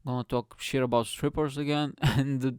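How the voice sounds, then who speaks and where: A man's voice: mid-range voice, fairly even intonation, a little fast, darkish tone, clear, resonant tone, dry recording, clean studio sound. A man hosting a solo podcast, rambling and swearing as he jokes through topics. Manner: rambling, profane, jokey. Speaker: podcast host. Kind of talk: casual solo rant. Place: lives in Britain.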